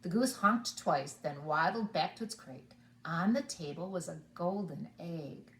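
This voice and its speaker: A woman preschool teacher reading a storybook to children, animated and inviting them to join in. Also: on the low side, unhurried, roomy sound. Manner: animated, asks the children along.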